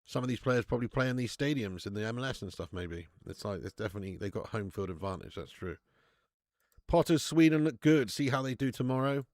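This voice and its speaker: A man's voice: medium pitch, lively intonation, fast talker, darkish tone. A man hosting a live football watch-along, chatting in slangy, jokey banter with frequent laughs. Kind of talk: live stream commentary and chat.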